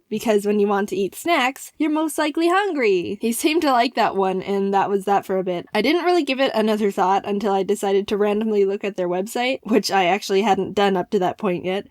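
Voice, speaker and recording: A woman telling a funny personal story in an animated, playful style, with quick jokes. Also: medium pitch, no echo, studio quality.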